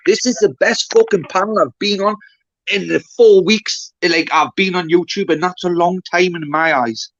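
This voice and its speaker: A man's voice: sits high, normal speed, fairly bright tone, no echo. Blunt, swearing man, lo-fi. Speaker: panel guest. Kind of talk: casual banter on a live stream. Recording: dull, dry lo-fi call audio.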